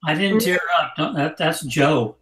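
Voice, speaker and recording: A man co-hosting a casual online chat, telling stories in a lively, joking way. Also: on the high side, a little slow, echoey room, low-quality recording. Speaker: podcast co-host.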